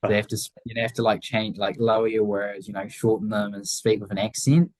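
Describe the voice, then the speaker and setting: A teenage guy with a Southland New Zealand accent talks casually in an interview, circling his points with plenty of fillers and restarts. His voice sits a bit low, and the sound is dry and close with no room around it. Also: fairly even intonation, a little fast, a little mellow, dry recording, low-quality recording. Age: teens. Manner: rambling, many fillers and restarts. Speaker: guest, young motorcycle racer.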